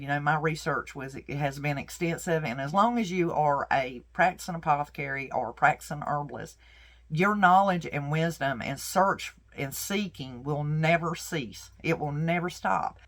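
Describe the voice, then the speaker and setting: A middle-aged woman herbalist telling a personal story in a folksy, earnest, faith-filled way. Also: sits low.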